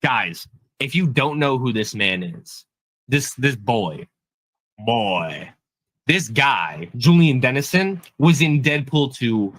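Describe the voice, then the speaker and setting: A man co-hosting a podcast, chatting casually about a movie in a hyped, animated way and often repeating himself. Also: medium pitch, slow pace, dry recording. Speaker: podcast co-host. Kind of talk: casual movie review chat.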